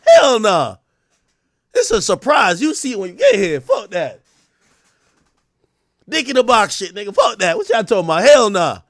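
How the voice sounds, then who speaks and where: A man streaming casual comedic commentary, profane and animated, breaking into loud shouted outbursts. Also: high-pitched, moderate pace, vocal fry, long pauses, no room sound, clean studio sound.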